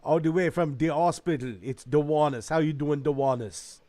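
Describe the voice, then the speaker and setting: Here a podcast host keeps the conversation loose, cracking jokes and cursing without restraint. His voice sits on the high side and is mellow, at a normal pace, with no echo.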